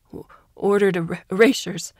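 A woman's voice: on the low side, steady tone, slow, a little mellow, breathy edge, no echo, studio quality, full character voice. A woman voicing a terrified male prisoner who stammers and sobs through his answers. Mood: terrified stammering. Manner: stammering, hysterical. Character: male war criminal prisoner, terrified, sobbing.

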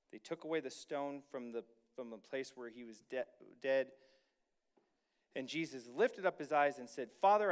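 A man preaching a sermon as pastor, reading scripture and then commenting casually to the congregation, slowing down to stress key lines. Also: medium pitch.

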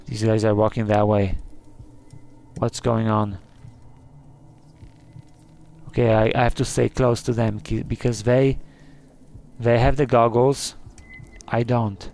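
A man's voice: medium pitch, darkish tone. A man commentating a scary game he is playing, easily spooked, gasping and crying out in alarm. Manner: jumpy, easily spooked, gasps and cries of "oh no". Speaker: gaming channel host. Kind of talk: let's play commentary.

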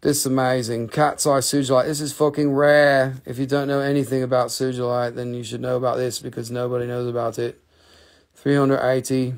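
Gravelly man hosting a live sales stream. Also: mid-range voice, brisk. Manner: chatty, profane, excitable salesman talk. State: voice getting scratchy from hours of talking. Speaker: host selling rocks and gems on a live stream.

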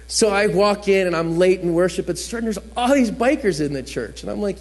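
High-voiced man telling his testimony. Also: moderate pace, gravelly, hardly any pauses. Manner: storytelling, acts out quotes with shifting voice. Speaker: guest speaker giving testimony. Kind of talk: personal testimony in church.

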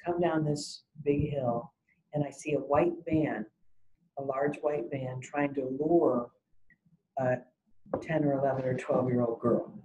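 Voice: medium pitch, fairly even intonation, unhurried, mellow, rough recording. A salon business educator giving an e-learning webinar talk, emphatic and fond of telling stories. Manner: emphatic, tells stories and acts out exchanges.

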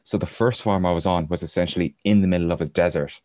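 Very low-voiced male guest, rambling anecdotal storyteller who laughs along. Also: steady tone, quick pace, a little mellow, no room sound, clean studio sound. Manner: rambling, chuckles through his anecdotes. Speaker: podcast guest. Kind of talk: casual storytelling.

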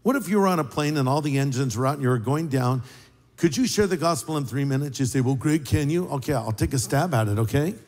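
A man preaching a sermon as pastor, in a conversational, joking way with big swings in pitch. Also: fast talker, a little mellow. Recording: live sermon with long hall reverb.

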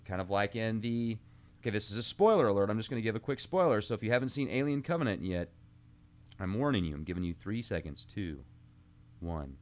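A man hosting a podcast, musing aloud in a rambling, casual monologue with asides, reading old texts aloud between his thoughts. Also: medium pitch. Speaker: podcast host.

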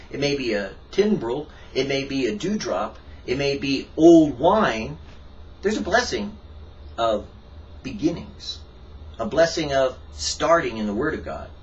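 A man preaching a devotional sermon, emphatic, swinging from sudden high rises to quiet asides. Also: a little hiss or hum. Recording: distant mic, dull sound, faint ambience.

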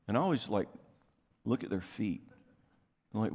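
Male conference speaker, mid pitch, easygoing talk, long hall echo. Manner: conversational, quick asides and acted-out quotes. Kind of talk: casual workshop talk. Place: church venue, live talk.

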